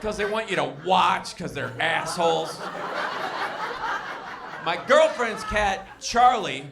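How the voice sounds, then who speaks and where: A man performing a stand-up comedy set in a restaurant, telling exasperated stories with loud bursts. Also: high-pitched, lively intonation, takes it slowly, gravelly. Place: restaurant comedy show with live crowd. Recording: live room with crowd noise.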